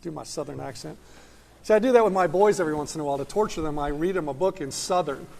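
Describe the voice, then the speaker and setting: A man's voice: a little high, quick pace, gravelly, a little mellow, long reverb tail. A man teaching an economics class in a conversational lecture style, checking in with his students as he goes. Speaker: economics instructor. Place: lecture hall.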